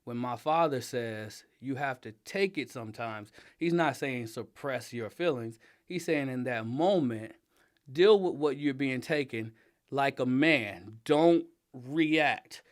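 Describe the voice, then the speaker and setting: A middle-aged man in a relaxed interview, speaking in an emphatic, animated way. His voice sits in an ordinary middle pitch, and he laughs easily and turns loud when riled up. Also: takes it slowly. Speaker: interview guest, father and design director. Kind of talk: casual conversational interview.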